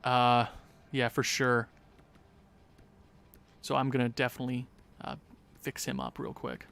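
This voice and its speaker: Bright-voiced young man livestreaming games. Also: mid-range voice, little pitch movement, vocal fry, clean tone. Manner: rambling, chatty, quick asides to viewers. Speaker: gaming livestream host. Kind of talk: casual livestream chat.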